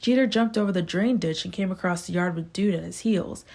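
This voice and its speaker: A woman narrating an audiobook in a steady, unhurried amateur reading. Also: on the low side. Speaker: audiobook reader.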